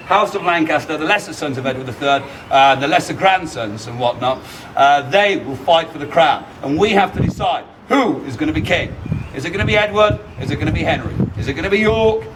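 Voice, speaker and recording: A man's voice: on the high side, a little fast. Teasing showman, distant, windy outdoors. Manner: theatrical, teasing, bursts into shouted battle cries. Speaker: costumed castle performer. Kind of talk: live comic crowd-work show. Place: outdoors at a castle gate. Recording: distant handheld recording with loud wind. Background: crowd of visitors and wind noise.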